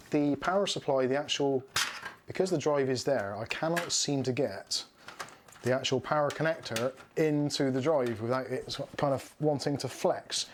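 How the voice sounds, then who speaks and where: A man talks casually and frankly as he works through a livestream. His voice sits at an ordinary middle pitch, with a faint hiss of noise under it. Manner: frank, chatty, laughs often. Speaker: streamer building a PC.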